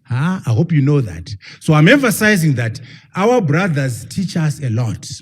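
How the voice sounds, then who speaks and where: A man's voice: on the high side, very animated, moderate pace, husky. A man, a professor, giving an emphatic public lecture and firing rhetorical questions at his audience.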